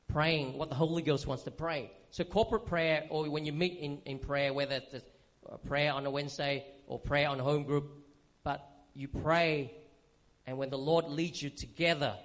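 A man teaching from the pulpit in a relaxed, conversational sermon style. His voice sits a little high for a man, and he keeps checking in with the congregation as he explains. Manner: conversational, frequent "okay?" check-ins and fillers. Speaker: pastor.

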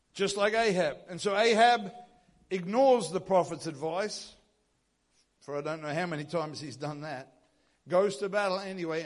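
A pastor preaching a sermon, retelling a scripture story with lively acted-out dialogue. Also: male voice, high voice.

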